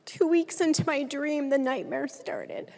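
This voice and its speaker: A fairly high-voiced woman lawmaker speaks at a podium microphone, earnestly telling a personal story and voicing the people in it. Her words ring out with a long reverb from the large legislative chamber. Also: steady tone, measured pace, gravelly, a little mellow. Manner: earnest storytelling with acted-out quotes. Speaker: state legislator.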